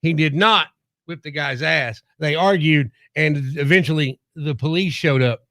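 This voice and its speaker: A man's voice: on the high side, normal speed, a bit bright, no echo. A man co-hosting a casual radio show from a studio, joking and telling news stories in a self-deprecating way. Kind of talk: casual morning radio banter. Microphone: studio mic.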